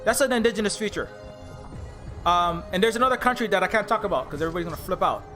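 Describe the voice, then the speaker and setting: A man's voice: high voice, expressive, rapid-fire, pushed and bright, faint music behind. A man streaming live and ranting in a heated, profane way, repeating his points with many fillers. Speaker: streamer and indie game developer. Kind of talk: livestream rant.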